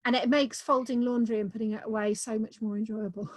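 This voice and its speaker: A woman's voice: fairly high pitch, steady tone, fairly quick, darkish tone, no room sound. Chatty woman author, dry close sound. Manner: chatty and enthusiastic, many "um"s. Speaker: author being interviewed. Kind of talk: casual conversation.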